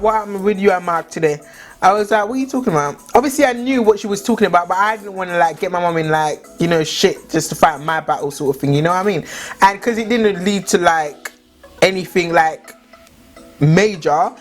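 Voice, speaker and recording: A woman's voice: fairly low pitch, brisk, faint music behind. Chatty young woman. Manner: chatty, lots of "like" fillers. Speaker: vlogger. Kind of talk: casual storytime chat.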